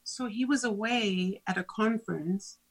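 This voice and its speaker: A middle-aged woman co-hosting a podcast, chatting casually and telling animated stories with frequent laughs. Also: medium pitch, a little slow, husky. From Africa. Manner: animated storyteller, laughs often. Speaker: podcast co-host. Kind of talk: casual chat.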